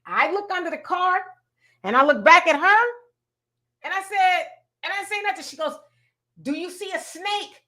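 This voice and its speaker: Middle-aged woman host, high and bright, animated and emphatic storyteller. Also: moderate pace, pauses often. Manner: animated, emphatic, repeats words for effect. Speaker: show host. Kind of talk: casual storytelling chat.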